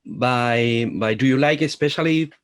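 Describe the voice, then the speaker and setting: A man's voice: medium pitch, a little slow. A man from Latin America, a Spanish speaker, interviewing guests over a video call in slightly hesitant English. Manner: hesitant, apologetic about his English. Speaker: journalist interviewer.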